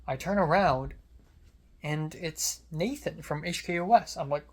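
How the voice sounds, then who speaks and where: Sardonic young vlogger with an American accent. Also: medium pitch. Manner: rambling, sardonic, quick asides. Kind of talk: casual storytelling vlog.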